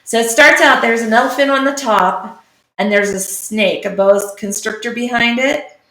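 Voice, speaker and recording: A woman's voice: a little high, moderate pace, bright, forceful tone, roomy sound, rough recording. A woman chatting casually as she draws on a live stream, talking through each step. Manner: chatty, talks through her work. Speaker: streamer and artist. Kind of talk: live-streamed drawing commentary.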